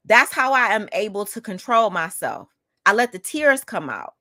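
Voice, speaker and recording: Lively, outspoken woman telling a story. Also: medium pitch, normal speed, no room sound, studio quality. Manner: emphatic, addresses listeners directly; outspoken and heated. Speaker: podcast host. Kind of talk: personal storytelling monologue.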